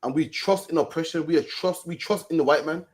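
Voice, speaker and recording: A man's voice: on the high side, brisk. A man preaching in casual street commentary, repeating himself and often ending lines with "man". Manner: preachy, repeats "man" at line ends, mocking mimicry.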